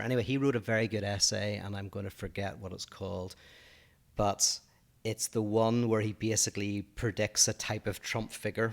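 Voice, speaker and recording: A man with a low voice talks through ideas on a podcast. He hesitates often and fills the gaps with soft fillers as he works out each thought. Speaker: podcast co-host. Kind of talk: casual discussion of politics and philosophy.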